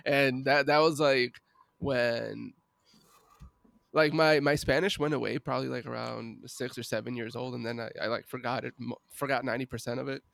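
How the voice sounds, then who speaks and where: A man's voice: medium pitch, steady tone, moderate pace, vocal fry, fairly bright tone, dry recording, studio quality. A man in casual podcast chat, laid-back and slangy, saying bro and dude a lot. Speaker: podcast co-host.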